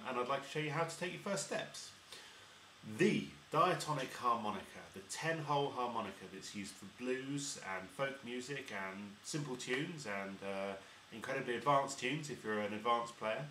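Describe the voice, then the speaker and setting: A man's voice: mid-range voice, bright, forceful tone, recorded from a distance, a little hiss or hum. A man teaching harmonica step by step, patiently explaining and demonstrating each sound. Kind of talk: step-by-step instrument lesson. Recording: roomy echo.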